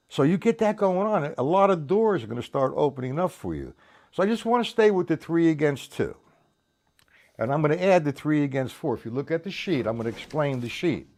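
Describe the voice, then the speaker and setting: A man giving a casual drum lesson. He counts beats aloud and talks in loose, restarting sentences, dropping in "man" here and there. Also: on the high side. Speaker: drum teacher.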